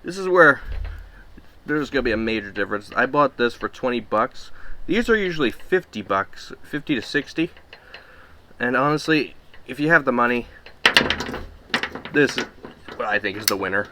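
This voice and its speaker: A man reviews pocket knives in a medium-pitched, expressive voice with a sharp tone, against slight background noise. As he carves and cuts, he keeps it offhand, muttering while working and exclaiming quickly, a casual hands-on demo.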